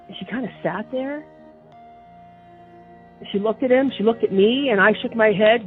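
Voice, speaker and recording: This interview guest speaks in a fairly high voice at a moderate pace, leaving long pauses. Recounting a personal story indignantly, she keeps repeating and restarting, and the audio is a tinny phone line with faint music.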